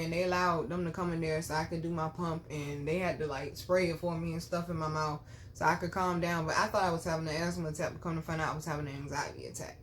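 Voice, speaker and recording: Blunt, profane woman telling a story. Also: a little hiss or hum. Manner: drops to low murmurs, bursts into loud exclamations. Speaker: spiritual reader and vlogger. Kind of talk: candid storytime chat to viewers.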